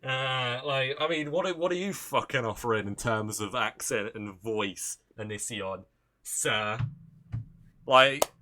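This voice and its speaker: A man's voice: mid-range voice, a little slow, sharp tone, a little hiss or hum. A young British man hosting a livestream, ranting casually with lots of profanity and sarcasm. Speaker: livestream host.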